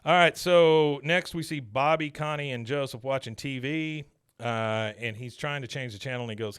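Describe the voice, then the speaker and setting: A man hosting a podcast, casually recapping an episode as an animated, rambling storyteller full of filler words. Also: mid-range voice, normal speed, smooth, dry recording, clean studio sound. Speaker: podcast host.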